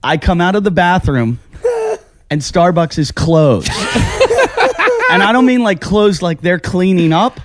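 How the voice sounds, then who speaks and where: An American man hosting a casual talk show, telling a long story in an animated way, swearing and laughing at himself. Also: high-pitched, takes it slowly, pauses often. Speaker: podcast host. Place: house.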